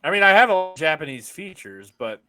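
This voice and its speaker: Bright-voiced man, profane teasing. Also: a little high, big pitch swings, fairly quick, dry recording. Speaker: podcast co-host. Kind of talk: casual chat.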